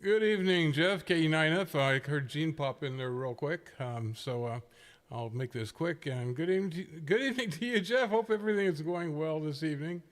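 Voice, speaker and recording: A man's voice: a little high, lively intonation, fairly quick, big-room sound. Chuckly man hosting a radio net stream. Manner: chuckling, rambling, self-deprecating. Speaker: net host and livestreamer. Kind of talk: casual livestream chat.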